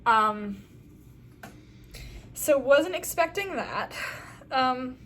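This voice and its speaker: Rambling excitedly about a TV episode, this fan video reviewer leans heavily on fillers like "um" and "like." She speaks in a high-pitched, fairly bright voice with lively intonation and drawn-out words, over slight background noise.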